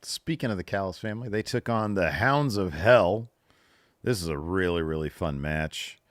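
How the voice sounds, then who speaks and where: A man's voice: sits low, animated, moderate pace, no echo, studio quality. A man co-hosting a wrestling podcast, chatting loosely with plenty of fillers. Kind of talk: casual recap chat.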